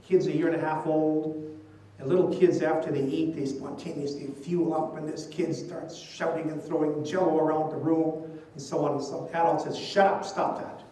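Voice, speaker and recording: Older priest preaching in an echoey hall. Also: male voice, on the high side, level tone, moderate pace, mellow. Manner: conversational, storytelling, frequent "you know" asides. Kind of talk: conference talk with stories. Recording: distant mic in an echoey hall.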